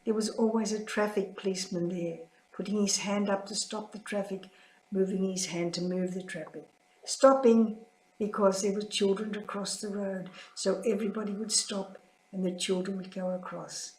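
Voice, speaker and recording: An older woman, a religious sister, sharing a heartfelt, tender spiritual reflection in a quietly grieving manner. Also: mid-range voice, fairly even intonation, normal speed, a little hiss or hum. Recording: roomy echo.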